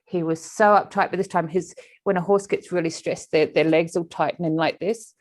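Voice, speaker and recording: An animal communicator tells a story in an interview, speaking animatedly and restarting often. Her voice is lowish and her pace is normal.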